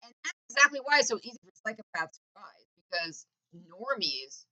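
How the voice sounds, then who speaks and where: A woman's voice: on the high side, sing-song, moderate pace, bright, forceful tone. A woman delivering a heated political rant to the camera, intense and emphatic, swearing often.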